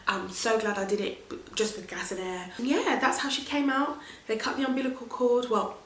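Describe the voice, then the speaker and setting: A woman vlogging her birth story in a chatty, animated way, often laughing. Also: a little high, brisk, a little hiss or hum. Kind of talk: casual storytelling to camera. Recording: roomy echo.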